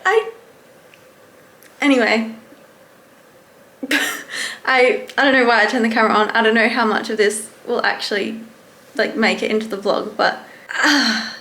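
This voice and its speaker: A woman's voice: a little high, slow, long pauses, a bit bright. A woman talking casually to camera at home in a rambling, chatty small-business vlog. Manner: chatty and rambling, loses her train of thought.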